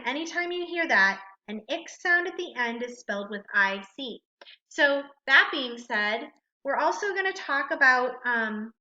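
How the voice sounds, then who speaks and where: A woman teacher with a high, bright voice walks through a spelling lesson, slowly and carefully breaking words into syllables. The recording is roomy and echoey, with a dull, lo-fi sound. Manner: slow, deliberate, sounding out syllables.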